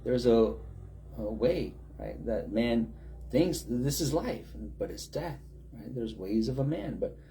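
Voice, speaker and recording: A man's voice: on the low side, vocal fry, dark tone, a little hiss or hum. A man preaching a sermon in a conversational way, with many rhetorical questions and acted-out quotes.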